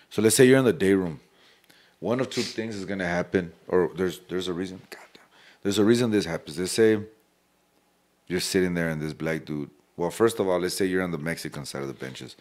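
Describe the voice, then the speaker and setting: Deep-voiced El man, swearing freely. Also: darkish tone. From El Paso, Texas. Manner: profane, streetwise storytelling mixed with Spanish slang. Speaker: podcast guest. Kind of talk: casual podcast chat.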